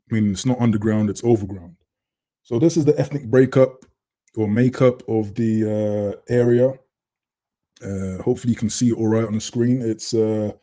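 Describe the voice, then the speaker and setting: A man's voice: mid-range voice, dark tone. A man hosting a casual livestream, chatting and reading out comments from viewers on a computer mic. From Britain. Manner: chatty, reads out chat comments. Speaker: livestream host. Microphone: computer webcam mic.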